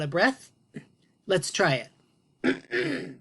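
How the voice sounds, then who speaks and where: Animated woman teaching phonics to kids. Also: on the low side. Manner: animated, sing-song teacher voice with drawn-out sounds. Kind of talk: children's phonics lesson on video. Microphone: video lesson to camera.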